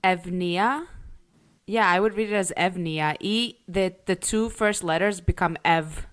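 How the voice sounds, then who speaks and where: A woman in her thirties co-hosting a podcast, chatting casually, laughing often and dropping quick asides. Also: mid-range voice. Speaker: podcast co-host. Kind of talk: casual chat.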